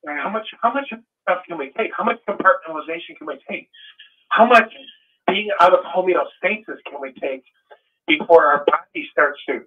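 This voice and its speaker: A man's voice: sits high, animated, moderate pace, background noise. A man in casual conversation, telling his story earnestly and with animation. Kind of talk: casual chat. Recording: tinny phone line.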